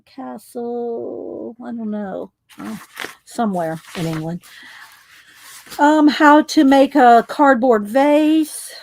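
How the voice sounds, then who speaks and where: A middle-aged woman shows off her craft supplies in a casual show-and-tell vlog, rambling along with asides and fillers. Her voice is on the high side and a little mellow.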